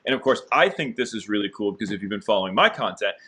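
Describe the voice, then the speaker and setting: Guy hosting an interview, kinda low voice, hypes up his guest, lots of uhs. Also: animated, very fast, pushed and bright, husky. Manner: enthusiastic, encouraging, with frequent fillers. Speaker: interviewer and host. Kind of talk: upbeat video-call interview.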